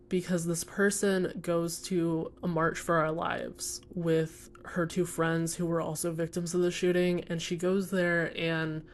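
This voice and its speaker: A young woman chatting casually about books she read, earnest and rambling with lots of fillers. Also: lowish voice. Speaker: book vlogger. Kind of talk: casual chat while coloring.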